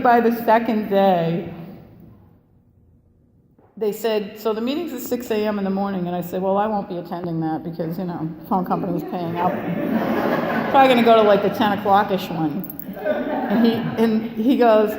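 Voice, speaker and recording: A woman's voice: mid-range voice, moderate pace, pauses often. Candid New woman in an echoey hall. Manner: candid, blunt and profane, laughing between lines. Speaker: recovery meeting speaker. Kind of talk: personal story told to a live audience. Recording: echoey hall with long reverb, faint room hum.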